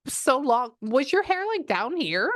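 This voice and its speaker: A woman's voice: high-pitched, sing-song, unhurried, no echo, studio quality. A woman working as a psychic medium, talking casually and often breaking off to listen before passing on what she hears. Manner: breaks off to listen, relays quotes. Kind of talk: psychic reading session, casual chat.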